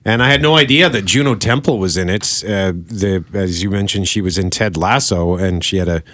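A man's voice: low voice, a little fast, a bit bright, dry recording, clean studio sound. A man co-hosting a podcast who explains a new fantasy series in a chatty way. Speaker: podcast co-host. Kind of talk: casual chat.

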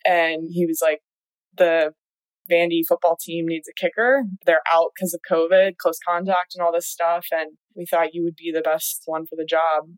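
A woman's voice: on the low side, level tone, moderate pace, no echo, rough recording. A young woman telling her story as a guest in a casual chat, laughing often and saying "like" a lot. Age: young adult. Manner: chatty, laughs often, many "like"s. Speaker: guest, college athlete.

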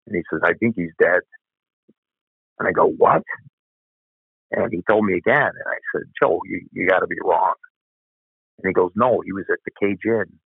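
An older ex-cop shares a story during an interview, blunt and occasionally profane. His husky, creaky voice sits low, moving at a moderate pace and pausing often. Heard over a tinny, phone-like line, the recording has no room sound.

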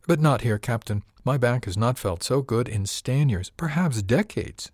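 A man performs a gushing wealthy lady passenger, effusive, languid, and purring, in a lightly acted voice pitched above his own. The sound is mid-range, expressive, slightly mellow, at normal speed, with clean, dry studio recording.

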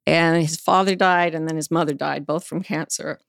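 A woman's voice: sits low, fairly even intonation, moderate pace, vocal fry, no room sound, studio quality. A middle-aged woman, an interview guest, telling personal stories candidly and frankly, now and then swearing. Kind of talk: personal storytelling in conversation.

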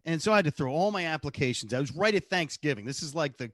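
Playful male co-host, voice a touch higher than usual, dry studio sound. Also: animated, fast talker, fairly bright tone, no room sound. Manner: playful, riffing. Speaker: podcast co-host. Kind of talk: casual chat.

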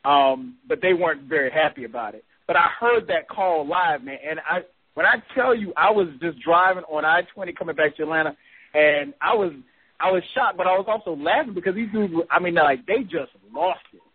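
A man hosting a sports podcast, leading the talk in a relaxed way and asking questions. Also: fairly high pitch, fairly quick, breathy edge. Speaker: podcast host. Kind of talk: casual sports chat. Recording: tinny phone-like sound.

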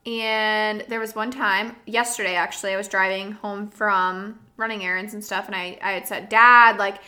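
A young woman hosting a podcast in casual chat, animated, shifting between soft talk and loud bursts, laughing often. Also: mid-range voice, moderate pace. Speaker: podcast host.

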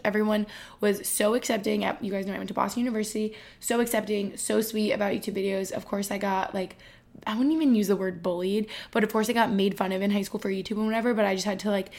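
A woman's voice: medium pitch, gravelly. A woman in her twenties hosting a podcast, talking in a casual, rambling and heartfelt way with lots of "like", emotional and tender. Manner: effusive, rambling, heavy use of "like". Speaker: podcast host.

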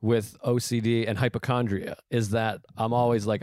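A man's voice: on the low side, steady tone, a little mellow, dry recording, clean studio sound. A man who is a comedian in a casual chat, speaking frankly and confessionally, swearing often and mixing jokes into his points. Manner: frank, profane, confessional and quick to joke.

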